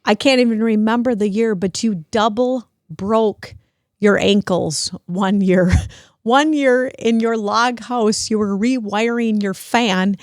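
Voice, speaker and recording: A middle-aged woman hosting a podcast, talking warmly and emotionally to her father, grateful and close to tears. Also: medium pitch, slow pace, no echo. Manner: emotional, grateful, at times tearful. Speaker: podcast host. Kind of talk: heartfelt family conversation.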